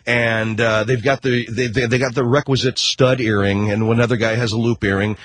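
A man's voice: medium pitch, fairly even intonation, fairly quick, a bit bright. A middle-aged man hosting a talk show, telling a rambling, sarcastic comic rant with casual swearing and constant self-corrections. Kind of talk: comedic rant monologue.

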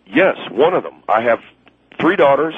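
A man's voice: medium pitch, sing-song, moderate pace, slightly rough, no echo. A man calling in to a radio show, flustered and apologetic, stumbling over his words and repeating ma'am. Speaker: caller. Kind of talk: call-in radio prank call. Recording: tinny phone line.

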